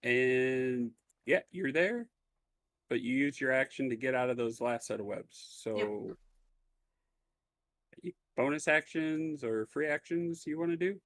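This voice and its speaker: A man's voice: medium pitch, unhurried, a bit bright, no echo. A man running a tabletop game as game master, describing the scene in a laid-back, easygoing way with plenty of fillers.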